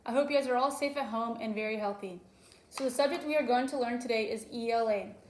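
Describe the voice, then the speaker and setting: A young woman teacher talks through a recorded lesson for young children, patient and explanatory, with frequent ums. Her voice is a little high, and the recording has a roomy echo. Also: a little mellow.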